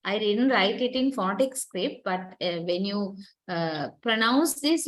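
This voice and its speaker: A woman's voice: medium pitch, animated, unhurried, rough recording. A woman giving a university lecture, explaining patiently, quizzing students and using many fillers.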